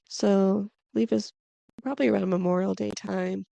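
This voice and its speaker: A woman's voice: mid-range voice, fairly even intonation, a little fast, gravelly, mellow, no echo. A woman hosting a podcast about spirituality, telling her story in a chatty, meandering way with lots of "like" and "kinda". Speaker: podcast host. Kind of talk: casual spiritual podcast monologue.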